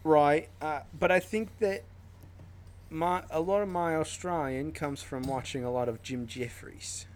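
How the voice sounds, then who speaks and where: A man's voice: a little high, measured pace, a little mellow, a little hiss or hum. Joking man on a podcast call. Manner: laughs often, loose and joking. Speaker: podcast co-host. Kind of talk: casual chat. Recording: remote call recording.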